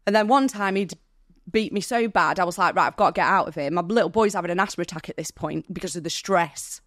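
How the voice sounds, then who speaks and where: A woman's voice: fairly low pitch, quick pace, fairly bright tone, no room sound, studio quality. Woman telling a raw personal story. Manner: candid, vivid retelling with quoted dialogue; emotional, near tears. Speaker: podcast guest.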